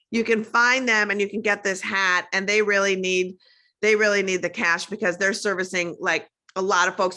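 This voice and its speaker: A woman from Minnesota with a Minnesotan accent, chatting animatedly as a guest on a video call, full of "like". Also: mid-range voice. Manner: animated, quick, peppered with "like". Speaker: guest, comedian and activist. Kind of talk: casual video-call chat.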